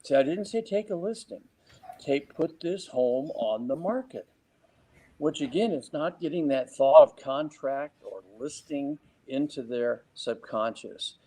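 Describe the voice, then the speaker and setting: A man with a mellow, dark-toned voice shares sales tips in an interview. He talks lively and breaks into little acted-out client exchanges. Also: on the high side, a little slow, husky, rough recording. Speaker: real estate sales trainer. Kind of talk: interview advice.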